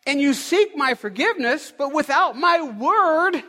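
A man with a strikingly high voice preaches to his congregation, his pitch swinging up and down as he builds his points. His emphatic, repeated phrases roll out into the long echo of a large church hall. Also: expressive, unhurried, bright, forceful tone. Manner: emphatic, repetitive preaching cadence. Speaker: pastor. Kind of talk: sermon. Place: church sanctuary.

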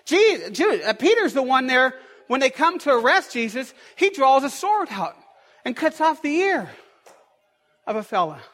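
Man, pastor, sermon, very high voice, emphatic repetition, long hall echo. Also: big pitch swings, moderate pace, fairly bright tone. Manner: emphatic, repetitive preaching cadence. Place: church sanctuary.

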